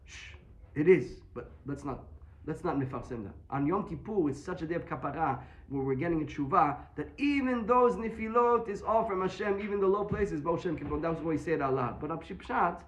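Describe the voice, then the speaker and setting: A man teaching a Talmud class, explaining quickly and mixing Hebrew terms into his English. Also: fairly high pitch, expressive.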